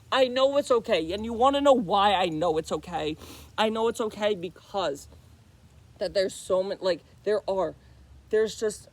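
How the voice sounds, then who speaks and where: A vlogger delivering a loud, impassioned spiritual monologue straight to camera, swearing freely, calling the listener bro and buddy, and repeating phrases for emphasis. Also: medium pitch, dry recording.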